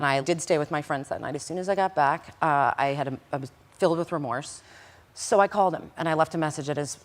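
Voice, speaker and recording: A middle-aged woman, a guest in an interview, tells a personal story with feeling and acts out the dialogue. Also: low-pitched. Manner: animated, acts out quoted dialogue. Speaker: interview guest recounting past events.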